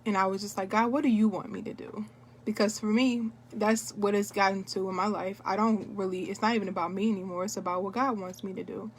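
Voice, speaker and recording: A woman's voice: medium pitch, level tone, fast talker, few pauses, slight background noise. A young adult woman recording a candid personal testimony at home, telling her story with repetition and talk of prayer. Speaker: wellness product seller.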